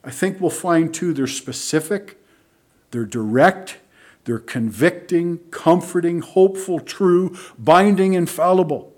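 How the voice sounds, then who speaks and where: A middle-aged man preaching a sermon, emphatic, moving between loud stresses and hushed asides. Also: fairly high pitch, a little slow.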